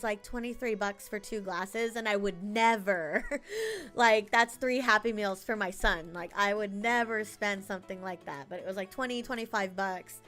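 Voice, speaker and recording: Woman streamer, chatty and giggly, talking to her live chat over quiet background music. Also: mid-range voice. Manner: chatty, laughs often, thanks chat by name.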